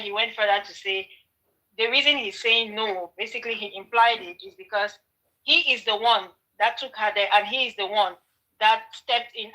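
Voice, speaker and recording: A woman's voice: a little high, sharp tone, poor audio. A woman hosting a commentary channel, arguing her point in an opinionated monologue full of rhetorical questions and restarts.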